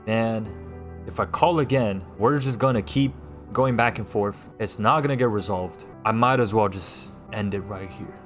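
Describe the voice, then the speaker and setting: A young man from New York, livestreaming and telling a personal story to his chat in a rambling way, loud one moment and hushed the next. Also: lowish voice, normal speed, soft background music.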